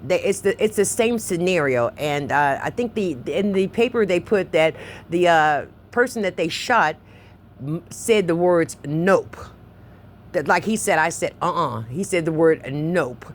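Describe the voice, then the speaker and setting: A woman's voice: lowish voice, animated, moderate pace, a little hiss or hum. A woman on a phone call pressing a complaint, insistent and emotional, often repeating herself.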